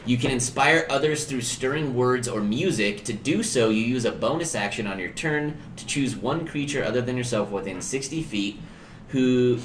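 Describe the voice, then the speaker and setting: A man's voice: medium pitch, echoey room, slight background noise. A man narrating and explaining rules as dungeon master of a tabletop game. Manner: casual, explains rules at length.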